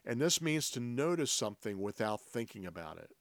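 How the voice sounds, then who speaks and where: A pastor preaches a sermon, reading scripture aloud and explaining it earnestly, slowing and lowering his voice on key phrases. His voice is mid-range with big swings in pitch, and there's no echo.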